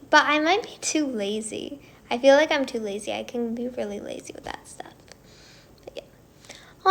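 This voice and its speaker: A woman hosting a casual livestream, chatting with viewers and often dropping into soft whispers. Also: on the high side. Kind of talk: casual livestream chat reading viewer comments.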